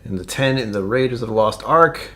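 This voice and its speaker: A man's voice: medium pitch, expressive, brisk, bright, forceful tone. A man hosting a casual whiskey-tasting live stream, rambling and joking as he reads chat aloud.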